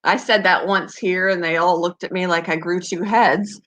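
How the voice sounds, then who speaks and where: A woman's voice: fairly low pitch, fairly even intonation, moderate pace, a bit bright. A woman from Canada with a Canadian accent, chatting casually on a live stream, giggly and answering viewers' comments. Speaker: pet channel host.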